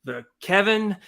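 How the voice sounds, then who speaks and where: A man co-hosting a podcast, ranting in an animated, emphatic way. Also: sits high, vocal fry. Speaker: podcast co-host. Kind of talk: casual chat.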